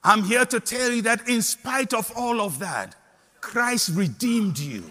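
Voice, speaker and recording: An older Ghanaian man preaching a sermon as pastor, impassioned and rising to shouts on repeated declarations. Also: high-pitched, big pitch swings, takes it slowly, big-room sound.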